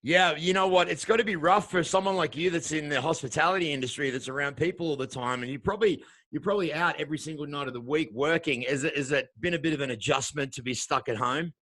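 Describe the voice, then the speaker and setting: A man's voice: fairly high pitch, fast talker, hardly any pauses, fairly bright tone, dry recording. An Australian man hosting a podcast interview show, with upbeat, welcoming showman patter. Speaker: show host.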